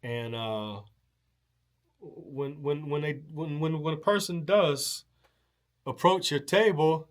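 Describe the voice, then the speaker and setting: A man's voice: fairly high pitch, slow pace, long pauses. A man hosting a show, telling a rambling, casual story with many fillers, restarts and casual swearing. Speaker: show host.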